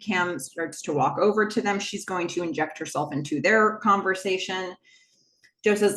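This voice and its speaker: A woman's voice: medium pitch, unhurried, a bit bright, echoey room, slight background noise. A woman hosting a podcast, recapping a TV episode in a casual, chatty way with lots of fillers and asides. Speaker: podcast host.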